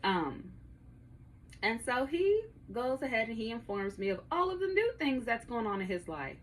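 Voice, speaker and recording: A woman's voice: on the high side, big pitch swings, normal speed, a little hiss or hum. A woman in her thirties hosting her own podcast, telling a story to her listeners in a casual, profane way and laughing often, recorded in her home studio. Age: 30s. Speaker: podcast host.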